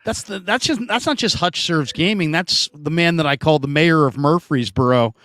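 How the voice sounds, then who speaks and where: Male sports host, chatty, slightly high voice, dry close sound. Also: moderate pace, fairly bright tone, dry recording. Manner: chatty, reads viewer comments aloud. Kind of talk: casual sports talk.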